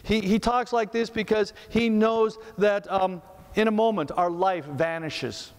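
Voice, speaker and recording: Male pastor, slightly high voice, chatty preaching full of rhetorical questions, long sanctuary reverb. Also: unhurried, clear, resonant tone. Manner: conversational, asks rhetorical questions, repeats words. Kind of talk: sermon. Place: church sanctuary.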